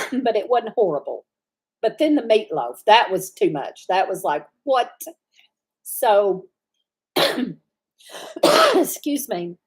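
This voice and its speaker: A woman, hosting a live stream and telling a rambling story in a relaxed, chatty way. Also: mid-range voice, breathy edge. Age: 60s. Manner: chatty, meandering, laughs easily. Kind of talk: casual storytelling chat.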